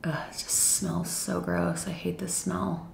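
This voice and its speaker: A woman's voice: fairly low pitch, little pitch movement, measured pace, creaky. A young woman chatting casually through a makeup review, chatty and self-deprecating, with frequent fillers. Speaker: beauty vlogger. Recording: echoey room.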